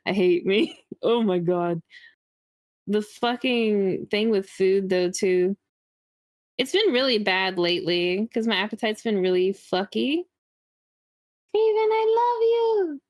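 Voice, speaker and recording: A woman in casual chat on a stream call, giggly and animated, swearing freely. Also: mid-range voice, measured pace, no echo, studio quality.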